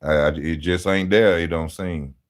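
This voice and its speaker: A man talking casually on a live stream, animated and slangy, laughing often as he answers chat about boxing. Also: sits low, moderate pace. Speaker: boxing channel host reading live chat.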